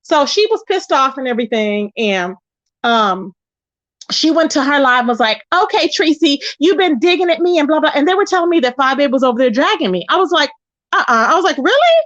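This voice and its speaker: Woman, sassy emphatic commentary, very animated, muffled lo-fi recording. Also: high-pitched, brisk. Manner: sassy, emphatic, addresses viewers as y'all. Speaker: YouTube commentary host. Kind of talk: casual drama commentary chat.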